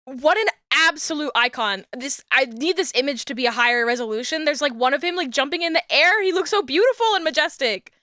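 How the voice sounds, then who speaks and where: A young woman streaming from a small room at home, talking into a desk mic. Her voice is bright and a little high, and the sound is close and dry. She rambles in a chatty way and breaks into excited yelling. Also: quick pace, hardly any pauses, no echo. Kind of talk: casual livestream chat while crafting.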